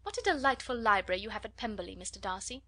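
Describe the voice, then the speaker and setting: A haughty young society lady full of scorn, her sneers wrapped in polished, affected manners, as a woman reader puts her on. The voice sits at a middling pitch for a woman and carries the contempt in its phrasing. It is an audiobook reading. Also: lively intonation, racing, bright, forceful tone. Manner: scornful, mocking.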